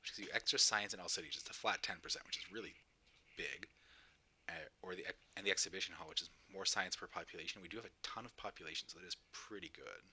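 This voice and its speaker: A man's voice: sits low, fast, bright, forceful tone, a little hiss or hum, rough recording. A tired male streamer casually thinking aloud about game choices, sometimes mumbling. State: tired, yawning. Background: game music.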